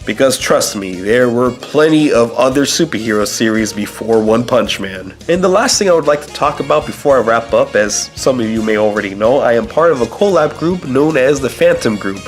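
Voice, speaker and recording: A man's voice: mid-range voice, lively intonation, moderate pace, hardly any pauses. Man with a sick voice, channel update. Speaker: channel host. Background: faint background music.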